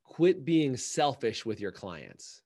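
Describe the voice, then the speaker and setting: A man who coaches salon owners, talking in a casual podcast conversation, emphatic and animated, acting out little quoted voices. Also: medium pitch, slow.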